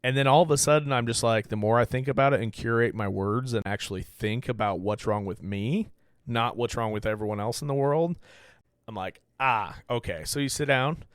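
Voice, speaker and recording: Male podcast host, mid-pitch, candid and rambling, swears casually, dry close sound. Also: brisk, clean tone, dry recording. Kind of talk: casual self-reflective talk.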